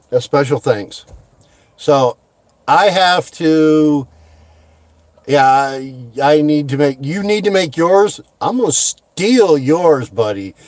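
A middle-aged American man closing his window cleaning vlog with heartfelt thanks, talking slowly with many fillers and restarts. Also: a little high, darkish tone, no echo. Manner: heartfelt, slow and halting with fillers. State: choked up. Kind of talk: casual vlog sign-off.

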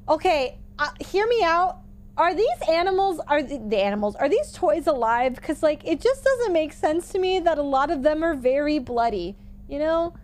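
A woman's voice: sits high, lively intonation, normal speed. A young woman streamer casually commenting while playing a game, gushing and easily startled. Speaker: gaming streamer. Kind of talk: casual let's-play commentary.

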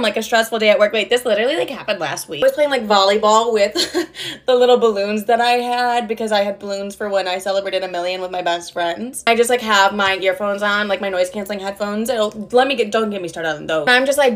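A young woman chats through a casual storytime, cursing freely and leaning on "like." Her voice sits at an ordinary middle pitch. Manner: chatty, profane, heavy use of filler "like". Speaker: content creator.

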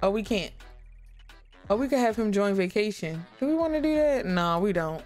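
A woman giving lively, chatty commentary on a life-sim game, talking to her viewers. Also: medium pitch, moderate pace, soft background music. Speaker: gaming YouTuber. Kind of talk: casual gameplay commentary.

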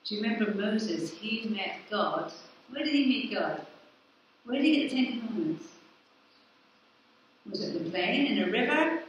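A high-voiced woman speaking at normal speed preaches a sermon as vicar, questioning her congregation and answering for them. The recording is muffled, carries a little hiss or hum, and was made at a distance in a large, echoing church hall.

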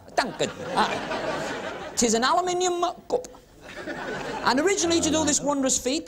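A man doing comic magic patter on a club stage, teasing audience volunteers with quick cheeky asides. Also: extremely high pitch. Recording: 1970s TV broadcast with crowd laughter and hiss. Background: audience laughing and murmuring.

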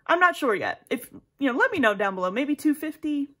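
A woman's voice: high voice, big pitch swings, a little fast, pushed and bright. A young woman chatting casually to her viewers in a vlog, rambling and poking fun at herself. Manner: chatty, rambling, self-deprecating. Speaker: planner vlogger.

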